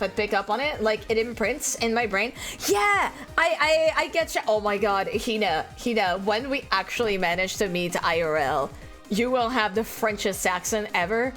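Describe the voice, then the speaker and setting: Young female streamer, non-native English speaker, high voice, chatty and full of fillers, faint music in the background. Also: a bit bright. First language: not English. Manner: chatty, giggly, many fillers and restarts. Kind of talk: casual chat with live chat.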